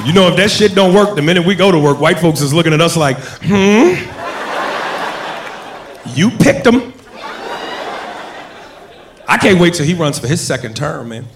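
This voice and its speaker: A man's voice: a little high, fast talker, few pauses. A man doing stand-up comedy, talking straight to the audience in a punchy, conversational way. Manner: punchy, conversational, addresses the crowd. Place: comedy club before an audience. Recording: live club recording with crowd and noise.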